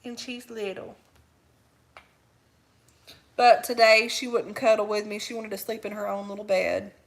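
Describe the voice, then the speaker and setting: A woman chatting casually on a livestream, cooing baby talk to her puppy in a soft, drowsy way. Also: medium pitch, level tone, unhurried, creaky. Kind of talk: casual live chat.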